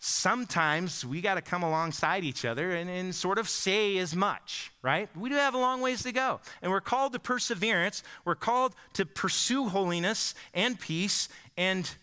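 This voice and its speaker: A man's voice: high voice, normal speed, hardly any pauses, sharp tone, smooth. A man in his forties from the Pacific Northwest preaching a sermon, telling stories in a conversational way and often checking in with the congregation. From Bend, Oregon. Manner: conversational storytelling, often asks the congregation "right?". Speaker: pastor.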